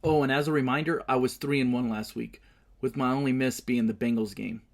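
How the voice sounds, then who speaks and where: A man's voice: medium pitch, steady tone, brisk, gravelly. A man hosting his own show, giving casual sports picks and movie talk, swearing and ranting hotly about his team. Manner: profane, heated ranting. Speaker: show host.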